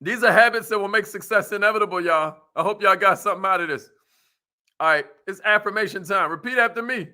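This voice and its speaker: A man hosting a motivational talk, energetic and playful, with slangy banter aimed at a live audience. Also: sits high, brisk. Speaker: motivational show host.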